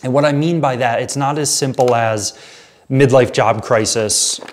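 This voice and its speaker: A man's voice: mid-range voice, normal speed. A man leading a midweek Bible study as pastor, talking in an earnest, conversational way and reading scripture aloud before rephrasing it.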